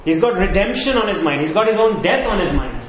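A man with a high voice preaches a sermon, talking fast and animatedly. He poses rhetorical questions and repeats key words for emphasis. The room is echoey, with faint background noise.

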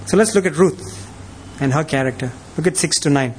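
A man preaches with a high voice for a man. He is emphatic and keeps firing rhetorical questions at his listeners. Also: a little fast, slight background noise. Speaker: pastor. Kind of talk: sermon.

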